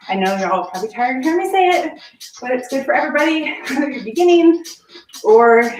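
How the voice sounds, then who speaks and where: A woman's voice: a little high, far from the mic, a little hiss or hum. A woman fitness instructor leading a home workout, upbeat and encouraging, counting reps while slightly out of breath. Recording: echoey room, voice from off-mic. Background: background music.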